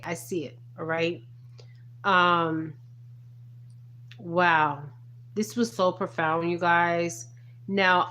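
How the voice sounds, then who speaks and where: A woman's voice: on the low side, slight background noise. A woman giving earnest spiritual commentary in a casual vlog, stressing each point and tagging most lines with "okay?". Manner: repeats "okay?" constantly, earnest and emphatic. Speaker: spiritual reader.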